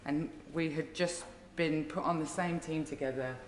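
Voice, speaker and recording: In an echoey chamber with long reverb and slight background noise, a woman MP with a Birmingham accent delivers a tribute at normal speed. Her low voice keeps fairly even intonation, and she's warm and jokey, laughing between phrases as she shares fond jokes.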